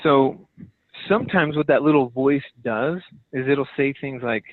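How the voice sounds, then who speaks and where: A man's voice: mid-range voice, a little slow, no room sound. Male team leader, motivational coaching call, punchy and repetitive, thin phone-line audio with no room sound. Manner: emphatic, direct, repeats key phrases.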